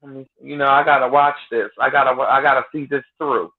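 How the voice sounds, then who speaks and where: A man's voice: mid-range voice, steady tone, quick pace. A man, co-hosting a casual late-night chat and telling comic stories with acted-out quotes. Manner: comic storyteller, acts out quotes. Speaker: podcast co-host. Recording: tinny phone-like sound.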